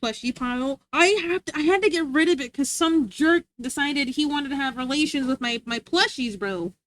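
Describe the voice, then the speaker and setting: A woman's voice: moderate pace, fairly bright tone. A woman livestreaming and chatting with her viewers in a playful, rambling way, tripping over her words and restarting sentences. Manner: high sing-song voice when scolding her dog. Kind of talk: casual stream chat.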